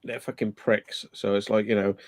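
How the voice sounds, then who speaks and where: A man in casual chat, blunt and swearing, with halting phrasing. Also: on the low side, flat delivery, a little mellow, dry recording.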